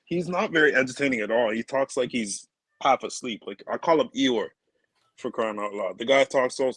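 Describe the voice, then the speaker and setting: A man in a podcast debate asks pointed, disbelieving questions. His voice is mid-pitched, and the sound is dry and close. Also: moderate pace, a bit bright, husky, dry recording, rough recording. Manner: questioning, incredulous. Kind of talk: heated casual debate.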